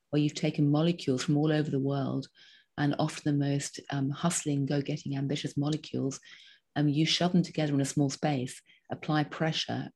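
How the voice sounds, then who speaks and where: Low husky woman in her fifties. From Britain. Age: 50s. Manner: animated, frequent ums, talks in short listed phrases. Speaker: guest. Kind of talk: conversational interview.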